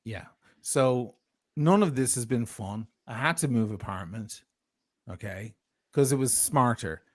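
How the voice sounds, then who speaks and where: A man's voice: mid-range voice, unhurried, dry recording, clean studio sound. A man telling a heated, profane story of grievance as a guest on a livestream. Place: lives in Italy.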